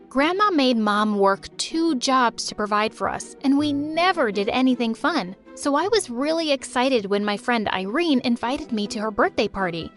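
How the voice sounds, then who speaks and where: A woman narrating a first-person animated story in a dramatic, expressive way. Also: on the high side.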